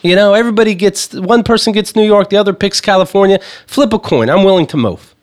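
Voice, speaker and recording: A man co-hosting a casual comedy podcast chat, ranting and swearing with animated energy. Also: high-pitched, fast talker. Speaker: podcast co-host.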